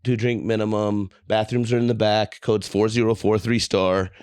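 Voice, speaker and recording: A man on a comedy podcast telling animated anecdotes, laughing through them. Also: lowish voice, normal speed, clear, resonant tone, no echo, studio quality. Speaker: guest comedian. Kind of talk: casual podcast chat, storytelling.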